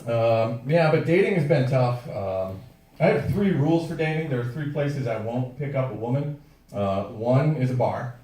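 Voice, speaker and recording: A man's voice: medium pitch, expressive, moderate pace, mellow. A man from Wisconsin doing a stand-up comedy set, telling conversational stories and laughing often. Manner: conversational storytelling with frequent laughs. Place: comedy club stage. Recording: echoey room, mic at a distance. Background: audience laughter.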